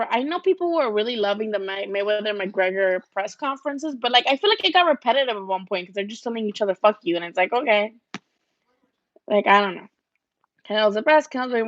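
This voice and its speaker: A woman's voice: fairly high pitch, no echo. A woman hosting a casual boxing livestream at home, chatting bluntly, swearing now and then, and answering viewer comments. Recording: dull lo-fi home livestream audio.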